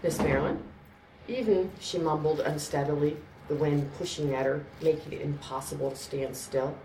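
Low-voiced woman narrator, measured storytelling; distant mic, roomy. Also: little pitch movement, noisy background. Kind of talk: scripted narration.

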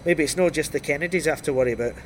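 A man's voice: on the high side, racing, a little hiss or hum, lightly acted. A man voicing a scared, sarcastic young male informant who swears and complains in agitation. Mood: nervous.

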